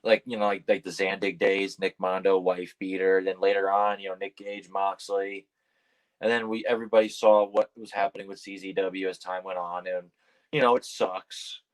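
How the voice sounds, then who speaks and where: A man with a lowish voice rambles through stories as a guest on a casual podcast. He leans on fillers and swears now and then. When he quotes his own startled replies, his voice shoots up. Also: level tone, normal speed, poor audio. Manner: acts out quoted lines in a high, startled voice. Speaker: wrestler guest.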